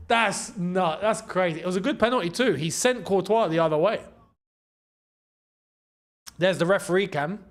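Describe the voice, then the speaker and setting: A man hosting a live football watchalong, excitable and chatty, repeating his phrases and laughing often. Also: high-pitched, measured pace, pauses often. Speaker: host.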